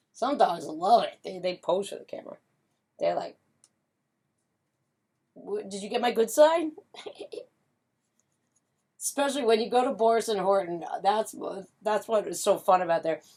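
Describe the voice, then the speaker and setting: A woman's voice: medium pitch, a little slow, long pauses, a little mellow. Chatty upbeat woman teaching painting. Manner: chatty and upbeat, with frequent fillers and hummed doo-doo sounds. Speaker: pet portrait artist and painting instructor. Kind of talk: casual painting demonstration.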